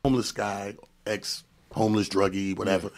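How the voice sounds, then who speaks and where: A male comedian telling a story on a podcast in an animated, profane way, acting out the dialogue. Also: lowish voice, moderate pace. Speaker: comedian guest.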